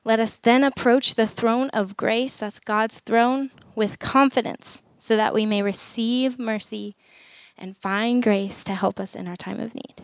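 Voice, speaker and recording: A woman's voice: fairly high pitch, steady tone, a little slow, no room sound. A woman speaking earnestly to parents at a church gathering, conversational, acting out short prayers as she goes. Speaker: women's ministry speaker. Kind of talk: sermon talk to parents.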